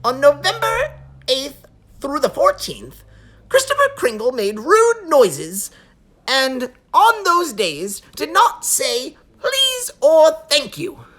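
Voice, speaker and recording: A woman's voice: high voice, huge pitch swings, takes it slowly, fairly bright tone, pitched above the performer's own voice, heavily acted. A woman voicing a fussy male head elf in a read-aloud storybook, flustered and fretting. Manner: flustered, keeps saying oh dear.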